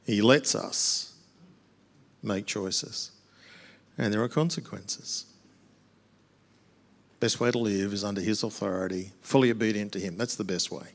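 A man's voice: on the low side, a little slow, vocal fry, long pauses. An older man, a pastor answering questions at a church Q&A in a plainspoken way with dry humorous asides.

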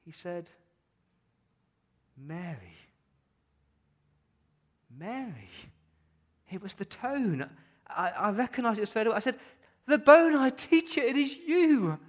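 A man speaking as Mary Magdalene, a grieving woman turned joyful witness, telling her story in a sermon monologue. The voice sits rather high for a man and swings widely, halting and earnest, now hushed, now ringing out. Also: animated, full character voice. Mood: emotional. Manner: earnest, halting, with emotional retelling. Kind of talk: first-person dramatic monologue in a sermon.

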